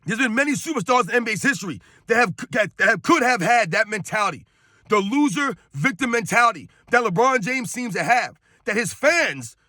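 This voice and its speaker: A man's voice: very high voice, sharp tone, no room sound, clean studio sound. A man giving an emphatic, scornful sports rant, hammering his points home with repetition. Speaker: sports commentator. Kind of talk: ranting sports commentary.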